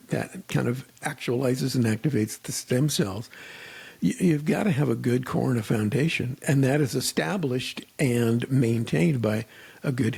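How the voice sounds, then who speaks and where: A man's voice: mid-range voice, gravelly, darkish tone, breathy edge. A man hosting a radio interview show, chatting casually and acting out joking bits of dialogue.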